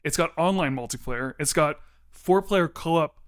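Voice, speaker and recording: A man's voice: fairly high pitch, a little slow. A young man co-hosting a casual podcast chat, talking enthusiastically and rattling off long lists. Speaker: podcast co-host.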